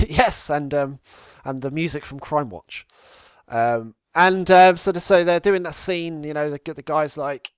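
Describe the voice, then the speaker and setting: High-voiced rambling storyteller. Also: male voice, a little slow, clear, resonant tone, no echo, clean studio sound. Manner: rambling, laughs at his own stories. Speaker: podcast co-host. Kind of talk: casual anecdote telling.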